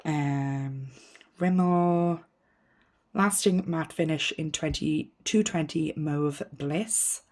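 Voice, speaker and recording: A woman with a low voice talks through her lipsticks in a casual vlog. She thinks out loud, trails off into ums and pokes fun at her own choices with frank, easy candour. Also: drawn-out words, a little hiss or hum. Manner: frank and self-mocking. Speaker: beauty vlogger. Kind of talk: casual makeup declutter chat.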